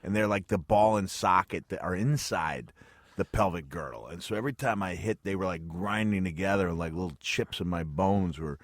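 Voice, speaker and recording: A man's voice: deep voice, fairly quick, no room sound. A middle-aged man as a radio interview guest, telling stories in a rambling way with restarts and frequent chuckles. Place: radio studio.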